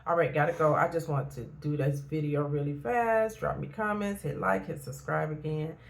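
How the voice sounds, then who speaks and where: A woman's voice: low-pitched, normal speed. A middle-aged woman, a therapist and life coach, talking frankly in a casual motivational vlog and repeating points for emphasis.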